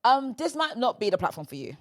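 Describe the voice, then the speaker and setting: A woman hosting a comedy podcast in casual chat, emphatic and teasing, jumping from loud bursts to quiet asides. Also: on the high side, sing-song, fast. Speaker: podcast host.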